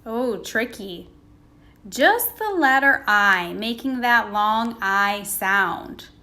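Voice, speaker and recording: A woman teaching a recorded phonics lesson to young children, sounding out words slowly and patiently, asking questions and waiting for answers. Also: medium pitch, expressive, pushed and bright. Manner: slow, sounding out words letter by letter.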